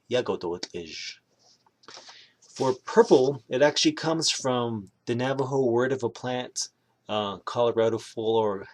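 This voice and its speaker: A man giving a casual language lesson, repeating each word slowly. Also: medium pitch, a little mellow, a little hiss or hum. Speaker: language teacher.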